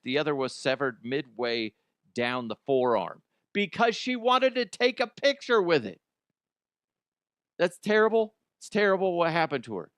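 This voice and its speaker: Slightly high and a bit bright, the man's voice is recorded dry with clean studio sound. As host of a comedy news show, he swears and rambles through weird headlines, clearly unable to believe them.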